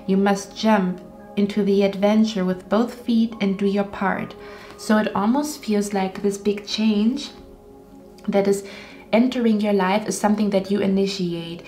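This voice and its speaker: A woman's voice: medium pitch, mellow. Earnest woman doing a tarot reading. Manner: earnest, repetitive, checks in with "okay?". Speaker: tarot card reader. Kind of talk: intuitive tarot reading addressed to viewers.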